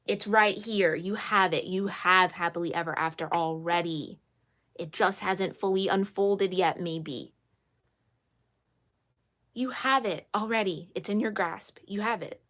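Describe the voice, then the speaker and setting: A woman's voice: mid-range voice, fairly bright tone. A woman giving a spoken tarot reading to her viewers. She is earnest and emphatic, scolds playfully, repeats phrases to reassure and laughs often. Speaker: tarot reader.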